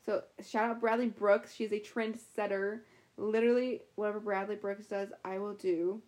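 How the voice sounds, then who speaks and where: A woman's voice: mid-range voice, flat delivery, normal speed, darkish tone. A young woman co-hosting a podcast in casual chat, giggly and talkative, full of fillers. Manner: giggly, chatty, lots of "anyways" and "like". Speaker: podcast co-host.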